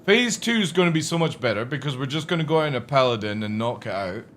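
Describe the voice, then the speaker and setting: A man's voice: mid-range voice, lively intonation, quick pace, a bit bright, a little hiss or hum. A man chatting casually to his chat while streaming a game, rambling and swearing freely.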